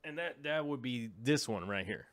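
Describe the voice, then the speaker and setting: Expressive and a bit bright, this man's mid-range voice moves at a moderate pace. He's an aquarium hobby vlogger in casual chat while browsing links, rambling in a scatterbrained way and interrupting himself to look things up.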